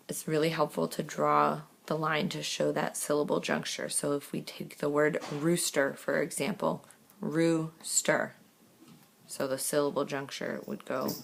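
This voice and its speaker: A woman teacher giving a recorded lesson, reading words clearly one by one and explaining steps patiently. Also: low-pitched. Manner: slow, clear word-by-word reading; patient step-by-step instruction.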